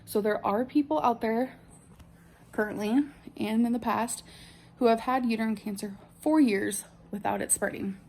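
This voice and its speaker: Gravelly, mellow woman explaining an update. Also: a little high, normal speed. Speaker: vlogger sharing a health update.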